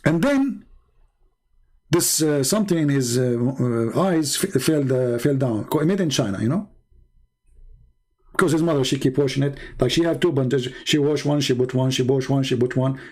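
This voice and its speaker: A man's voice: medium pitch, expressive, normal speed, a little mellow. A man whose first language is Arabic, arguing heatedly with a caller and then mocking the point in sarcastic commentary. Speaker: debate host.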